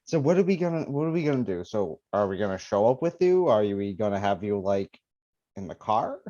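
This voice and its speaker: A man playing a tabletop game, quiet and hesitant, turning firm when protective. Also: on the low side, big pitch swings, fairly quick, dry recording, muffled recording. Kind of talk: casual chat at a game table.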